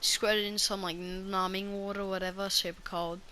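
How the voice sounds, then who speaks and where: A woman's voice: mid-range voice, flat delivery, moderate pace, sharp tone, a little hiss or hum. A woman vlogger telling a personal story in a casual, rambling way, full of restarts and fillers.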